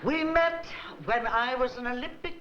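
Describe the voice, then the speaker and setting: A woman's voice: sits high, normal speed, natural voice. An actress playing a fussy, self-important older woman who thinks she is a great interpreter, with an affected, theatrical delivery. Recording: echoey old TV audio, dull and hissy.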